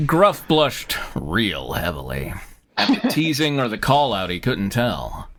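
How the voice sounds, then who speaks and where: A man hosting and reading comedic fanfiction aloud, animated and laughing as he goes. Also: medium pitch, slow, slight background noise. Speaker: host and narrator.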